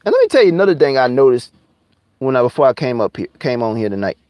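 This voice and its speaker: A man ranting angrily and profanely on his live stream, repeating himself and sometimes drawling words out slowly. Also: medium pitch, sing-song, dry recording, highs cut off. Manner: heated, profane, repetitive, drawling slowdowns. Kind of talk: angry conspiracy rant on a live stream.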